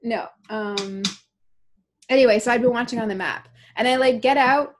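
A woman's voice: on the high side, normal speed, slight background noise. Laughing, chatty Canadian woman in her thirties. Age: 30s. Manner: chatty storyteller, laughs often, swears casually. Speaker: podcast co-host. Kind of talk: casual chat. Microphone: remote call recording.

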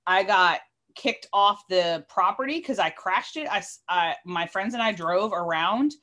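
A woman in her thirties, a bit tipsy, telling a long story on a podcast in an animated, sweary way, often cutting herself off mid-word. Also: mid-range voice, unhurried. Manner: animated, swears freely, self-interrupting. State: tipsy from drinking. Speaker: podcast co-host. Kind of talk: casual storytelling chat.

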